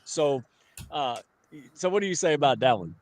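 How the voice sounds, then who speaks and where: A man in his forties hosting a casual talk show, joking and teasing his guest in an animated way. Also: a little high, moderate pace. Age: 40s.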